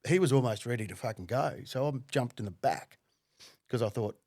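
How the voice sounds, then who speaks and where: A man tells a wild story on a podcast, swearing freely and often laughing. His voice sits at an ordinary pitch. The recording is dry and close. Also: a little fast, dry recording. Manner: profane, animated, laughing. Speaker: podcast guest. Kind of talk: casual storytelling.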